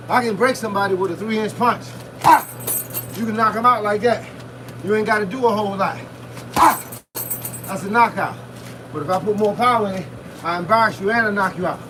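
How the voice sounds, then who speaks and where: Out in freezing, windy weather, a high-voiced male boxing coach live-streams a workout and delivers punchy, blunt encouragement at high volume, with shouted breaths. The audio comes from a distant phone camera and carries wind noise.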